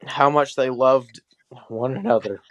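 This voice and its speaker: A man's voice: medium pitch, steady tone, measured pace, a bit bright, no room sound. A man hosting a comedy podcast, reading fan fiction aloud with sarcastic, swearing asides. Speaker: podcast host.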